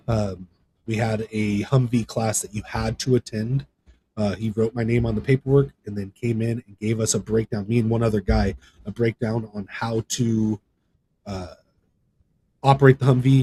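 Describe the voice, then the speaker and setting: A podcast guest who creates gaming content tells a casual personal story in a fairly low, dark voice, with a little hiss or hum in the recording. He wanders conversationally, restarting and using fillers, and his voice rises sharply whenever he acts out someone else.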